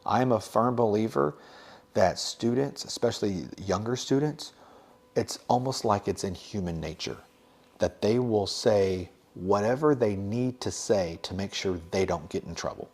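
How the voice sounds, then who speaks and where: Offering tips to other educators, this young man, a teacher who hosts a podcast, keeps things relaxed and chatty with many fillers and quick asides. His voice is slightly low and a little mellow.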